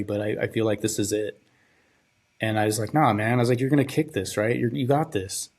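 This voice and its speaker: Low husky man telling a personal story. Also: darkish tone. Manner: halting, trails off, repeats words. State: grieving, subdued. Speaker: podcast host.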